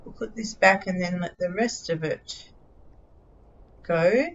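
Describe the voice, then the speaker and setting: A woman's voice: lowish voice, unhurried, highs cut off, slight background noise. Chatty Australian woman streamer. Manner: chatty, scattered, giggly, self-mocking. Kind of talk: casual live game-stream chat.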